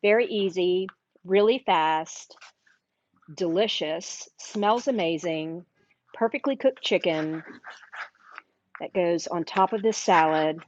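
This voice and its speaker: A woman's voice: fairly low pitch, takes it slowly, pauses often, a little hiss or hum. A middle-aged woman with a Southern US accent, hosting a live cooking demo in a chatty, enthusiastic way. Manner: chatty, enthusiastic, talks while eating. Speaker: cooking show host. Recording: dry, slightly dull livestream audio.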